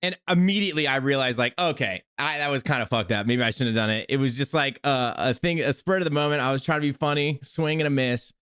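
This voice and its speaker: A man's voice: medium pitch, fast, few pauses, fairly bright tone, clean tone. A young man on a casual podcast, telling a story and often breaking into laughter as he talks. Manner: giggly, breaks into laughter while telling stories. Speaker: podcast host.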